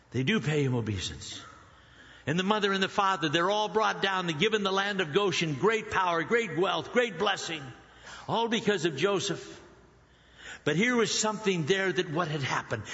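Male preacher, animated sermon storyteller, slightly high voice, dull reverberant church sound. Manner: animated storytelling, acts out biblical characters in quoted voices.

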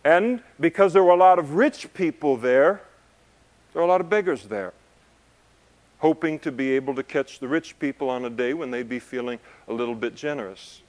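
A man preaching a conversational sermon, joking in asides, building to loud emphasis and then easing down soft. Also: medium pitch, normal speed. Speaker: pastor. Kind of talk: expository sermon to a congregation.

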